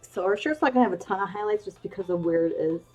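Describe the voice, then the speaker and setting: A woman's voice: mid-range voice, animated, rapid-fire, soft background music. A woman streamer chatting casually while she draws, rambling along with lots of ums and restarts. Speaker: streamer drawing emotes. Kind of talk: casual chat while drawing.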